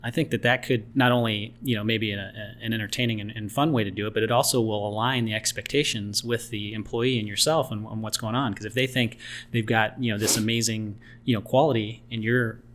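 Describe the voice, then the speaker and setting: A man's voice: fairly low pitch, fairly even intonation, brisk, fairly bright tone, slight background noise. A man co-hosting a restaurant podcast in casual chat, rambling with many restarts and fillers. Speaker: podcast co-host.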